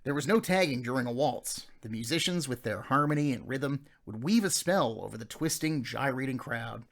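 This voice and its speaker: A man narrating a memoir audiobook in a measured, gently nostalgic storytelling manner. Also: mid-range voice, animated.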